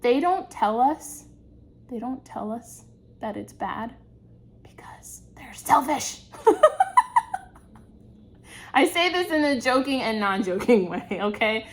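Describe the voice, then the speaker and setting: A woman's voice: on the high side, lively intonation, slow, long pauses. A young woman giving a casual tarot reading, chatty and reassuring, laughing often. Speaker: tarot reader.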